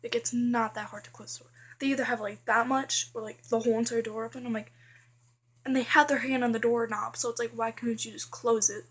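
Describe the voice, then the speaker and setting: A woman's voice: fairly high pitch, steady tone, brisk, a bit bright, breathy edge. A teenage girl vlogging casually, chatty and full of fillers, complaining about things that annoy her. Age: teens. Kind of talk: casual list vlog.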